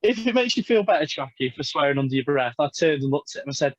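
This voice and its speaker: High-voiced, brash English wrestler. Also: male voice, lively intonation, quick pace, dull audio. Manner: boisterous storyteller, swears freely. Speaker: wrestler guest. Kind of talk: casual podcast chat.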